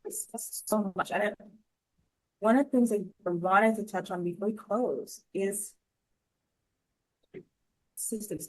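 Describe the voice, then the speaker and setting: A woman's voice: fairly low pitch, poor audio. A woman hosting a podcast, chatting casually, affirming her guest and sharing personal stories. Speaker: podcast host. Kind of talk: casual conversational talk.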